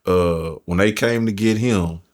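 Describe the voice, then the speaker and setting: In a low, slightly slow voice, a formerly incarcerated man tells a prison story as a podcast guest, using casual, profane street talk.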